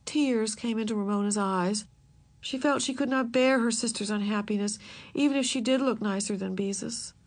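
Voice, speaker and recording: A woman reading a children's novel aloud, measured and expressive. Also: mid-range voice. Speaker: narrator.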